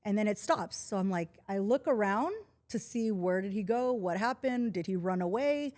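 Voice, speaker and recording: A woman in her forties speaks in a middle-range voice as a podcast guest. She tells a personal story in casual conversation, calm and earnest, and keeps an even tone. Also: mid-range voice, moderate pace. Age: 40s.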